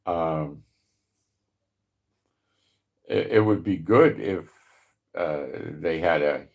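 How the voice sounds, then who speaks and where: A man with a New York accent speaks slowly in a very low voice. He drifts from point to point in casual commentary, chuckling now and then, and stretches out scripture when he reads it aloud. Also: darkish tone. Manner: rambling, chuckles often, reads verses slowly and deliberately. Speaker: Bible prophecy channel host. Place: home in Israel.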